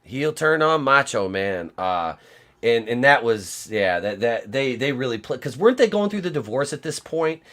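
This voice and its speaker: A man's voice: mid-range voice, big pitch swings, normal speed, fairly bright tone. A man hosting a casual podcast chat, rambling and profane as he tells stories. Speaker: podcast host.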